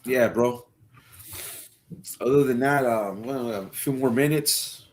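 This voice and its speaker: A man's voice: medium pitch, moderate pace, slight background noise. Laid-back slangy man, casual chat. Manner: laid-back, slangy, calls people bro.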